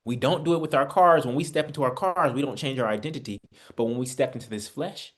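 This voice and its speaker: A man's voice: medium pitch, fast. A man teaching a Bible study. He talks in a conversational preaching style, calls his listeners family and asks them rhetorical questions. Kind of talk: spiritual teaching. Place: online Bible study session.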